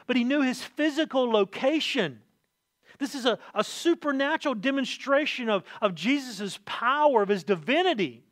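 A man preaching a sermon, animated, often repeating words as he swings between quiet asides and loud emphasis. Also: very high-pitched, no echo, studio quality.

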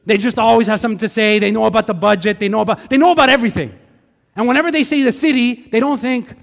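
A man with a Quebec accent preaching a conversational sermon as a pastor, animated and full of acted asides. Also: high voice, fast, gravelly, big-room sound. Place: church sanctuary.

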